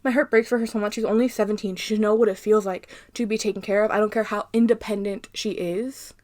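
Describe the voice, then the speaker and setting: A young Arizona woman hosts a casual book commentary, ranting with animated heat and plenty of swearing. She talks quickly at a medium pitch.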